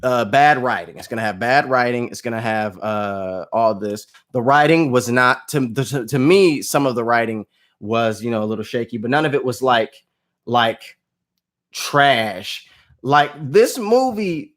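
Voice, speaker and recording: A man talking casually to his vlog audience, reviewing a movie with animated outbursts and low asides. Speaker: movie vlogger.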